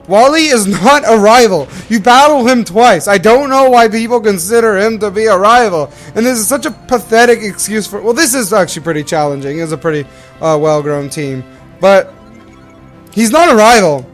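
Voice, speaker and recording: A young man from Canada giving rambling, self-correcting commentary while hosting a game playthrough. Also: high-pitched. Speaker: let's play host. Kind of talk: casual gameplay commentary.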